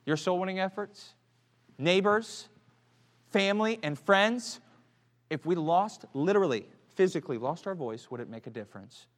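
A man preaching a sermon, swinging between hushed, quiet lines and loud, emphatic ones. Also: sits high, animated, moderate pace. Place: church. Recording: church sanctuary with long reverb.

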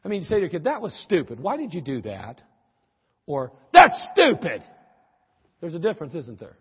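A middle-aged man preaching in a folksy, animated way, breaking into teasing asides. His voice sits fairly high and swings widely, with a husky edge. The sound is dull and lo-fi, with a long reverb tail from a large hall. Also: racing. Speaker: pastor. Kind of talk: sermon.

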